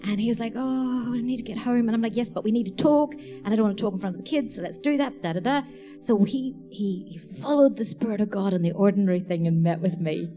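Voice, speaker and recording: A woman preaching a sermon, telling lively stories and laughing as she acts out the people in them. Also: medium pitch, fast, faint music behind. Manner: animated, laughing storyteller. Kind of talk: sermon storytelling.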